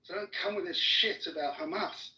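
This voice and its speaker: A high, bright-voiced man argues in a furious rage, swearing in nearly every sentence and cutting the other person off. The sound is roomy and echoey. He is picked up from some distance from the mic. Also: moderate pace. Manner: furious, swearing constantly, shouting down his opponent. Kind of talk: heated argument.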